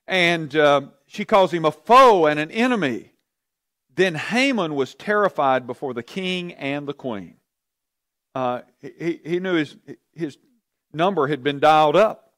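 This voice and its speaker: Animated man teaching a Bible study. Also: on the high side, unhurried, no echo, studio quality. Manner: animated storytelling, asks the class questions.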